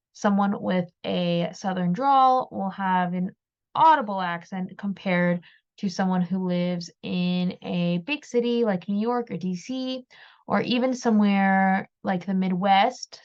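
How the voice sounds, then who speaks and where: Slow, gravelly-voiced woman commentator. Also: medium pitch, highs cut off. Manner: measured, thoughtful, repeats words while thinking. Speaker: commentary video host. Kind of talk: reflective opinion commentary.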